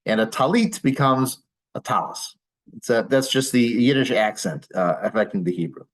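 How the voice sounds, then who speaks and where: A man's voice: medium pitch, lively intonation, normal speed, low-quality recording. A male rabbi giving an informal class to a live audience, explaining patiently with dry humor and many small fillers. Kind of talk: informal lecture with audience questions.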